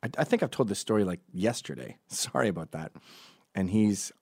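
A man's voice: lowish voice, animated, a little fast, a little mellow, slightly rough, dry recording, studio quality. A middle-aged man hosting a comedic opinion monologue, sardonic and profane, often mocking people in put-on voices. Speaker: commentary show host.

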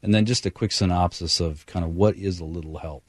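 A man's voice: low voice, brisk, darkish tone, no room sound. A man hosting a radio talk show in a casual, folksy way, with many fillers and direct address to listeners.

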